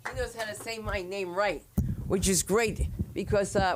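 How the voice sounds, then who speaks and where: A woman hosting an open mic, introducing comics loudly with a teasing, hyped-up manner. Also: mid-range voice, fairly even intonation, normal speed, noisy background.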